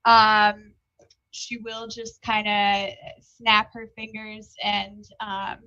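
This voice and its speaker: A woman's voice: medium pitch, completely flat delivery, extremely slow, pushed and bright, no echo, muffled recording. A woman playing a tabletop game, hesitantly describing her character's actions with many ums. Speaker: player.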